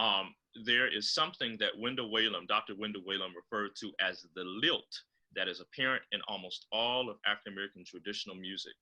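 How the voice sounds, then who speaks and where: Man, composer guest, lowish voice, very bright tone, video call, instructive, filler-heavy. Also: poor audio. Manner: explains choral diction, often pausing on fillers. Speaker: composer and choral director guest.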